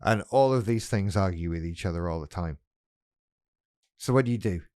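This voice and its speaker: A man's voice: deep voice, normal speed, dry recording. Self-mocking man, dry close sound. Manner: self-mocking, animated, frank. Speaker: YouTuber. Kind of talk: casual vlog monologue.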